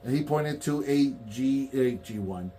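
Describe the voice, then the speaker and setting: A man's voice: mid-range voice, a little slow, slight background noise. A man in casual chat about toy collecting, telling stories and acting out quotes. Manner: animated storyteller, acts out quotes.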